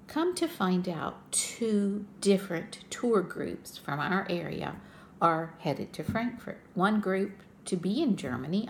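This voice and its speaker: A woman's voice: lowish voice, creaky, a little hiss or hum. An older woman chatting to her viewers as a cross-stitch vlogger, telling a travel story in a friendly, talkative way.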